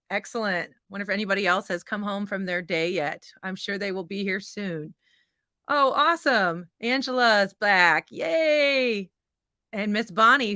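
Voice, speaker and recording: A woman's voice: mid-range voice, sharp tone, no room sound, studio quality. A woman co-hosting a live webinar, enthusiastically welcoming viewers and greeting people in the chat by name. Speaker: webinar co-host.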